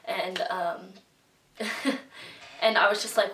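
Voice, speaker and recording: A woman's voice: mid-range voice, fairly even intonation, slow, pushed and bright, far from the mic. A young woman telling a story to her vlog viewers in a casual, chatty way, full of "like" and acted-out quotes. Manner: chatty, filler-heavy with lots of "like" and quoted reactions. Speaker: vlogger. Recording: roomy echo, voice a bit off-mic.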